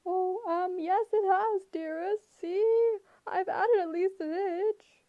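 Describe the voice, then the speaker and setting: A woman voicing a nervous satyr boy who puts on a shrill falsetto, fluttering and placating. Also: slow, dry recording, muffled recording. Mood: nervous coy. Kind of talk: audiobook character voice.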